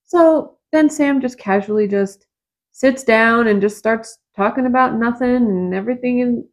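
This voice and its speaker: A woman's voice: a little high, normal speed, rough recording. A woman co-hosting a casual podcast, recapping a film's plot in a chatty, conversational way. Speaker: podcast co-host. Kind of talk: casual movie review chat.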